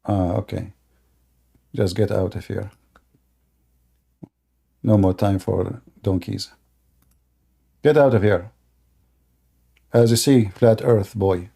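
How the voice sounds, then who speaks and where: A man's voice: on the low side, slow, gravelly, long pauses, dark tone, slightly rough. A man hosting a live-streamed religious debate who talks in a combative, insulting way, cuts callers off, and often repeats and restarts his words. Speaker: debate show host.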